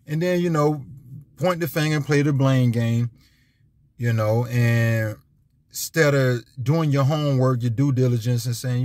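A man's voice: mid-range voice, fairly even intonation, moderate pace, darkish tone, no echo. A man giving an emphatic, repetitive, preachy monologue as a vlogger. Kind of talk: casual ranting monologue.

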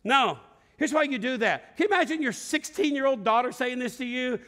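A very high, brisk voice belongs to the middle-aged lead pastor preaching before his congregation. He's a spirited storyteller who performs voices, shouts, and calls on the room to answer him.

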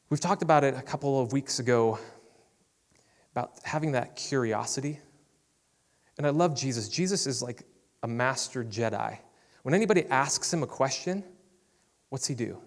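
Male pastor, mid-pitched, easygoing conversational sermon, long reverb of a big hall. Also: moderate pace, pauses often. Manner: casual, conversational preaching with frequent "man" and "I love".

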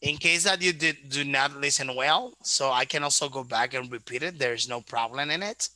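A man's voice: mid-range voice, moderate pace, bright, forceful tone, dry recording, low-quality recording. A man teaching English in an online lesson, repeating vocabulary back and patiently explaining pronunciation.

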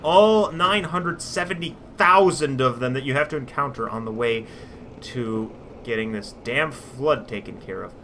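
A man giving sarcastic let's play commentary over a game, breaking into shouted rants. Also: medium pitch, normal speed, slight background noise. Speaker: gaming commentator.

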